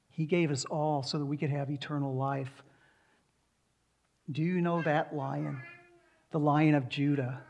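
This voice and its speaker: Brief: male preacher, slightly high voice, emphatic sermon delivery with repeated rhetorical questions. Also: a little mellow. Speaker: pastor. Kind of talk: sermon and prayer.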